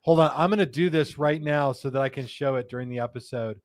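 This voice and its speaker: Speaking at a quick pace in a medium-pitched, slightly mellow voice, a male host of a live cigar show jokes around casually and reads viewer comments aloud. He's in an indoor studio room, and the audio has no room sound.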